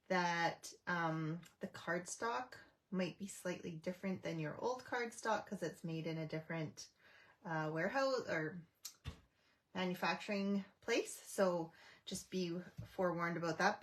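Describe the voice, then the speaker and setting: A middle-aged woman from Canada hosting a casual craft live stream, chatting with viewers, greeting them by name, with frequent ums and restarts. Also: mid-range voice.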